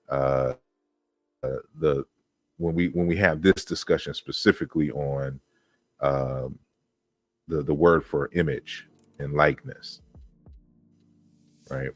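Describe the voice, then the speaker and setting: A man's voice: very deep voice, no echo. A man giving an informal online lecture on historical linguistics, walking through slides and reading out word meanings, with frequent fillers and restarts.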